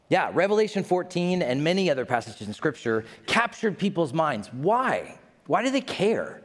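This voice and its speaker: A male pastor preaching a sermon in a conversational, animated way with casual asides. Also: a little high. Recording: echoey hall reverb.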